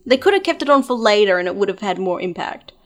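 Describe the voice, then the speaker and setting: A woman's voice: mid-range voice, sing-song, quick pace. A woman chatting casually about a TV show, agreeable and full of fillers. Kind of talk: casual chat.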